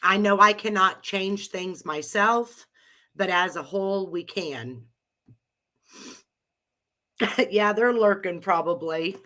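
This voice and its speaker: Hosting a live chat with listeners, a middle-aged woman who has a cold speaks slowly at a medium pitch, pausing often, her tone sharp. Her talk rambles in a chatty way, with frequent laughter.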